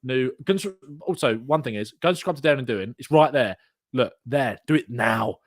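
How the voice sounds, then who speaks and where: A man hosts a live fan podcast, talking fast with excitement and breaking into laughter. His voice sits in a middle range and the sound is close and dry, with no room around it. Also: mid-range voice, dry recording. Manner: excitable, laughing, plugs channels. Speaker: podcast host. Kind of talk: live casual fan chat.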